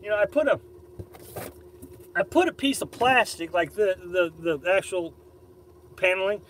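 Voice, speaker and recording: This live-stream host from Missouri reads viewer comments aloud inside his camper on a beach campsite, rambling, restarting, repeating and offering plenty of opinions. He speaks unhurriedly in a high, fairly bright voice with lively intonation. The recording is rough, with a little hiss or hum.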